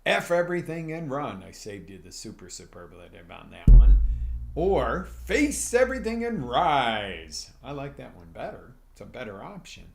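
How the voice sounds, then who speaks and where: A man coaching live on a stream, his voice grainy and gravelly at a middling pitch. He talks straight to his viewers with plenty of energy and acts out little scenes to make his points. It has the sound of a motivational live broadcast. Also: big pitch swings, moderate pace, faint music behind. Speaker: life coach.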